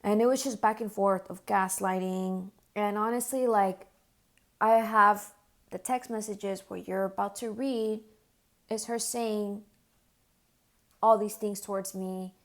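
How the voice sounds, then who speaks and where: In this distressed, earnest storytime monologue to camera, a young woman speaks unhurriedly in an ordinary middle range with fairly even intonation. Her talk is loose, peppered with "like," and she softens to a hush whenever she quotes herself.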